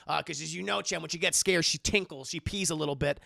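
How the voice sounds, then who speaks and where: A man retelling a film to his chat in a profane, animated casual stream commentary. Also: fairly high pitch, quick pace, creaky.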